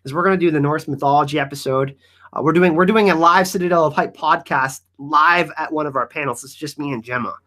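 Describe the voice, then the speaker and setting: Man, live-stream host, hyped and rambling, fairly high voice, casual Q&A chat. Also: fast. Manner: energetic, hyped, rambling with restarts. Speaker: YouTube channel host.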